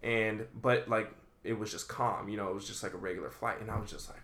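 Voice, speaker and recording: A man's voice: on the low side, steady tone, quick pace, fairly bright tone, reverberant. A man in a laid-back chat, telling a story with lots of swearing and filler words.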